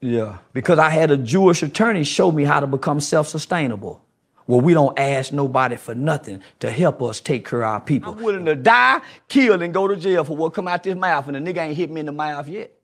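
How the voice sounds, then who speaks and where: A man in a heated monologue, profane and confrontational, swinging between loud outbursts and low mutters. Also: expressive, brisk. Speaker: internet commentator.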